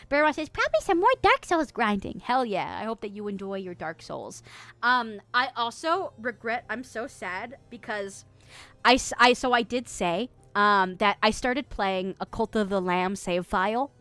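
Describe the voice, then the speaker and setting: A woman's voice: medium pitch, a little slow, a bit bright, dry recording. A young woman streamer, chatting casually and reading out viewer messages, laughing often and trailing off with fillers.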